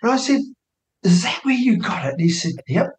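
A man in his sixties with a New Zealand accent, telling personal stories as a guest and acting out quoted dialogue in a lively voice. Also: high voice, a little fast. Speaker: interview guest, minor party co-leader. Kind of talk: animated personal storytelling. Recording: roomy studio echo.

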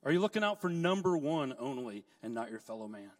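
A middle-aged man preaching a sermon, telling stories in a lively way with joking asides. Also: medium pitch, fairly quick, distant mic. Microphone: handheld mic, set down at times.

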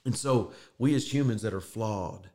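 Brief: middle-aged male podcast host, low voice, earnest, choked up at times. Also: normal speed, warm tone. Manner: earnest, emotional storytelling. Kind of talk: casual faith talk.

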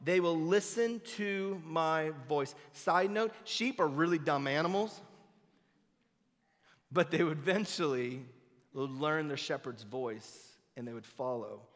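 A man preaching a sermon as a guest pastor, swinging between loud, emphatic declarations and hushed, intimate passages. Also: on the high side, slow, big-room sound. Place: church sanctuary.

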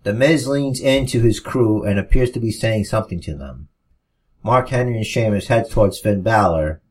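A man casually narrates wrestling storylines on a podcast, tossing in relaxed asides. His voice sits a bit low and has a husky texture. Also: normal speed. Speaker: podcast co-host.

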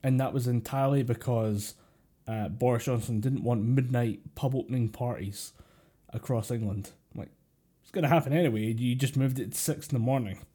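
Scottish male co-host, mid-pitched and mellow, chatty and rambling. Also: normal speed, slightly rough. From Scotland. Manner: rambling, with many fillers and chuckles. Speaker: podcast co-host. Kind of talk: casual chat. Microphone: computer mic over a voice call.

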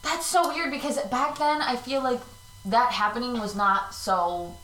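A woman's voice: a little high, measured pace, fairly bright tone. A woman co-hosting a casual true-crime podcast, bubbly and laughing often as she goes off on tangents. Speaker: podcast co-host. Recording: roomy, distant mic, faint noise.

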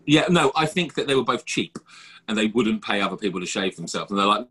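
A man in his thirties with a slightly husky voice, talking casually as a podcast co-host. His pitch moves a lot as he jokes and tells animated stories. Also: brisk. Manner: joking, animated storytelling. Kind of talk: casual chat.

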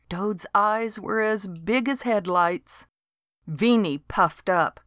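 A woman's voice: medium pitch, slow, a bit bright, no echo. A woman narrating a storybook in a dry, wry delivery.

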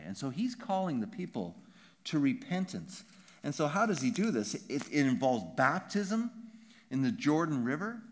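A man preaching a sermon as pastor, emphatic and animated, often checking in with the congregation with quick "right?" asides. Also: mid-range voice.

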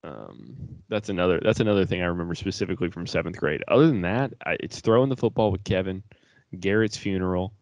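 A young man with a low voice co-hosts a podcast in loose, rambling casual chat. He swears freely and breaks into laughter. The sound is dry and close with no room behind it. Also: animated, quick pace, darkish tone, no room sound, dull audio. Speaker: podcast co-host.

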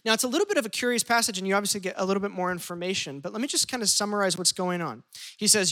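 With a mid-range voice moving at a racing clip, this pastor preaches with liveliness, frequently varying speed and dramatizing quoted speech.

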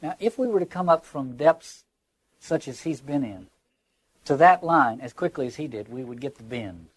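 A man's voice: mid-range voice, lively intonation, normal speed, slightly rough, no echo. A man lecturing on literature, reflective, often restarting words as he searches for phrasing and reading quoted lines aloud with emphasis.

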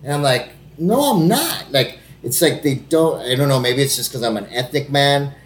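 A man who is an actor, talking casually with lots of swearing and quick impressions of people he quotes. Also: mid-range voice, fairly even intonation, echoey room. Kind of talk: casual podcast chat.

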